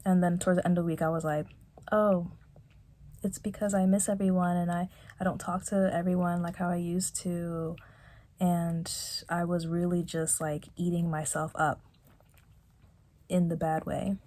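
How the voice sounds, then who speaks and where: A young woman vlogging reflectively from her bedroom, talking softly and haltingly with many fillers and restarts. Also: lowish voice, level tone. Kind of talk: reflective personal vlog.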